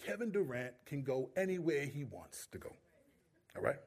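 A man putting on a boastful TV sports pundit, arguing emphatically and getting louder. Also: on the high side, sing-song, normal speed, pitched below the performer's own voice. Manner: emphatic, rising to near shouting.

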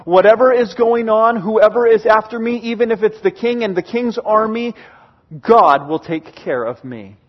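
A man giving a sermon, retelling a scripture story in a lively, animated way and briefly acting out its characters. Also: high voice, muffled recording. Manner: animated, acts out characters in quick bursts. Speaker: pastor.

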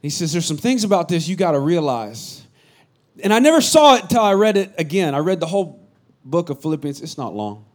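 A middle-aged man from the Bay Area preaching a sermon as pastor, animated and joking with his congregation. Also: fairly high pitch, a little fast. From San Francisco Bay Area. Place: church hall with a congregation.

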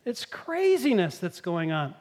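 A woman preaching a sermon, telling Bible stories in a lively way and acting out the quoted lines. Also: fairly low pitch, a little slow.

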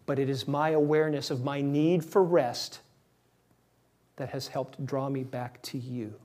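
When a male pastor acts out quotes in his sermon, his voice grows higher and louder, then drops into soft, slow, quiet lines. He's animated and self-mocking, laughing whenever he slips up.

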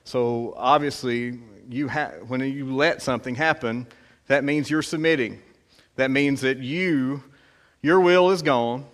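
A man gives a church sermon in an easygoing, conversational way, his voice sitting at an ordinary middle pitch. He stops and restarts often, leaning on little fillers as he reads verses and prays aloud. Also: steady tone. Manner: conversational, halting, many fillers. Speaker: preacher.

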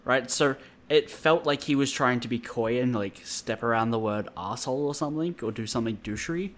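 A man co-hosting a podcast in casual chat, relaxed and hesitant, with many fillers. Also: medium pitch, fairly quick. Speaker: podcast co-host.

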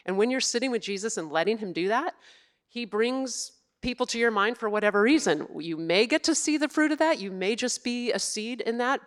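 A woman who serves in family ministry and raises two kids, sharing her faith story in an earnest, reflective way during a church interview. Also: on the high side. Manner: earnest, reflective, with soft laughs.

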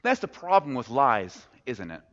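A man's voice: medium pitch, big pitch swings, normal speed, a bit bright. A man preaching in a church, telling a story expressively, then reflecting on it. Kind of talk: sermon storytelling. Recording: dull recording with long hall reverb.

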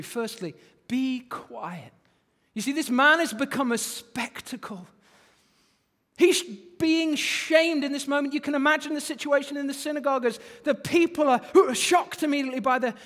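A man preaching a sermon, animated, with phrases repeated for emphasis. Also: extremely high pitch, normal speed. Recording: long hall reverb.

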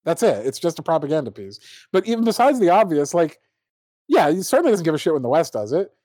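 A man's voice: fairly high pitch, big pitch swings, fast talker, a little mellow, no room sound. A man hosting a casual political podcast, reading articles aloud and mocking them with sardonic asides. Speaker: podcast host.

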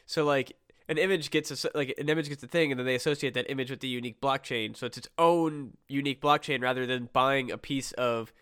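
A man's voice: medium pitch, fairly quick, a bit bright, smooth, no room sound, clean studio sound. A young man from Iowa hosting a casual podcast chat, ranting with constant swearing and restarts. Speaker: podcast host.

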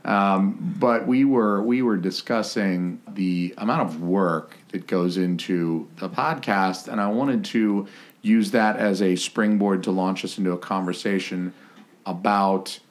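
A man's voice: low-pitched, fairly even intonation, measured pace. A man hosting a podcast, joking crudely with guests, swearing and laughing a lot. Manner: loud, profane, laughing often. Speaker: podcast host. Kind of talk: crude comedic banter.

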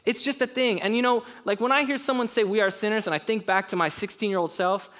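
A young man preaching a sermon, earnest and conversational, with quick casual asides. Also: sits high, fairly bright tone. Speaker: pastor.

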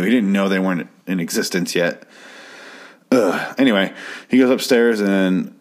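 Low-voiced man ranting through a recap. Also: moderate pace. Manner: rambling, sarcastic, swears freely. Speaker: TV episode recapper. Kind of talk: casual profane recap.

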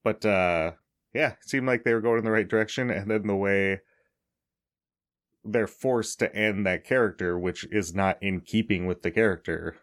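A man's voice: lowish voice, moderate pace, a bit bright. A man hosting a casual podcast chat, explaining things in a loose, chatty way with frequent laughs. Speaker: podcast host.

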